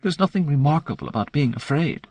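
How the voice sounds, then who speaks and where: A man's voice: on the low side, lively intonation, moderate pace, slightly rough, no echo, dull audio, pitched above the performer's own voice. A man voicing a fierce, frightened woman scientist who talks in an intense hissing whisper.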